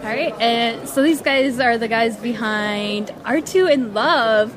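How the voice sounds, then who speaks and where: A woman's voice: fairly high pitch, slow pace. A woman interviewing guests at a busy fan convention, bubbly and laughing often. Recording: noisy convention floor. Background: crowd and music.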